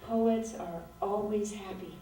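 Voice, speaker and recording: Slow, soft-toned woman reading in echoey hall. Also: medium pitch, fairly even intonation, slight background noise. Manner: measured, lyrical reading. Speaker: author reading her work. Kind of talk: reading her prose aloud at a literary event. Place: event room at a writers' center. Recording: very echoey room, mic far off.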